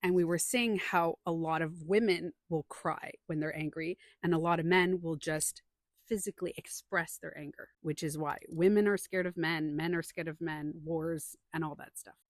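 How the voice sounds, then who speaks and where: A woman's voice: sits low, moderate pace, no echo, clean studio sound. A woman talking casually about feelings, telling stories and acting out what people said. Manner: animated storytelling, acts out quotes. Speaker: podcast host. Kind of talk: casual opinion talk.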